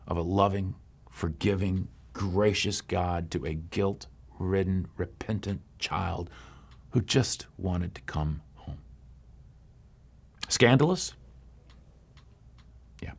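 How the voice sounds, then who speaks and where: A male pastor preaching through a story. His voice sits low and gravelly, and he drops into hushed pauses and easy conversational asides. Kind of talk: sermon storytelling.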